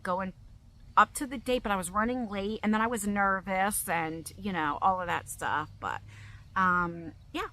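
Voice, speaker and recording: A woman's voice: mid-range voice, pushed and bright, poor audio. A middle-aged woman vlogging to her viewers in an open, emotional, rambling way, often restarting her sentences. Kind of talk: emotional personal vlog.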